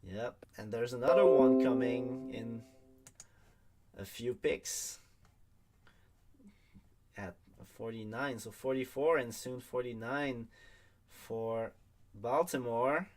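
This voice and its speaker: A man's voice: mid-range voice, slow, pauses often, darkish tone, faint music behind. A man hosting a live league draft stream, speaking in casual commentary with many ums and restarts. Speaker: draft broadcast host.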